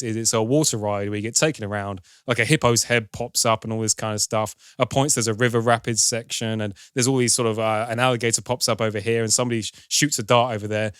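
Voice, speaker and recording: A man's voice: mid-range voice, a bit bright, no room sound, clean studio sound. Wry man recapping a film. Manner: chatty, wry storytelling with sarcastic asides. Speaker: podcast film reviewer. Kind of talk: casual plot recap.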